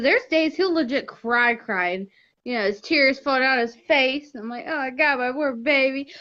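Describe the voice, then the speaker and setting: High-pitched mom rambling on a home livestream, easily distracted, muffled audio. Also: female voice, fairly bright tone. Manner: chatty, easily distracted, talks to her toddler. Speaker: livestream host, mother. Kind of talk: casual livestream chat. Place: home living room at night.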